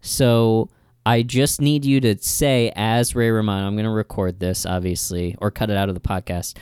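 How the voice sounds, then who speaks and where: Give me a playful male comedy co-host with a smooth, resonant voice in a dry close recording. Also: fairly low pitch, no room sound. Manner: playful, quick deadpan jokes. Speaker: improv podcast co-host. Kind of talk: casual comedic banter.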